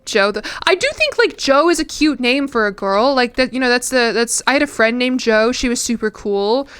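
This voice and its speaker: A woman's voice: a little high, animated, moderate pace, a bit bright, clean tone, no room sound. A young woman streamer chatting casually while playing a game, rambling and self-deprecating with frequent giggles. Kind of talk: casual chat while gaming.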